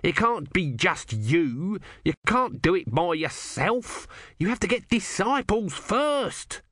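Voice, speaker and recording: A man voicing a small, bossy tortoise god who pleads urgently in a high, strained voice. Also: very animated, slow, a bit bright, no room sound, studio quality, exaggerated voice.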